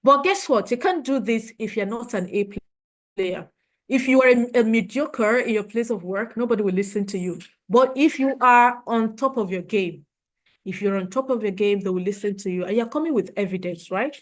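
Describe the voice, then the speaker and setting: A woman's voice: fairly high pitch, normal speed. A woman trainer giving a motivational leadership talk, earnest and emotional, repeating her points for emphasis.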